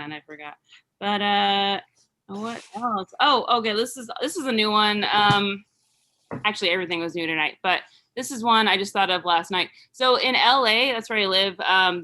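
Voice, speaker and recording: A woman doing a rambling, halting stand-up set full of fillers over a video call. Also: mid-range voice, bright, forceful tone. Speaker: stand-up comedian.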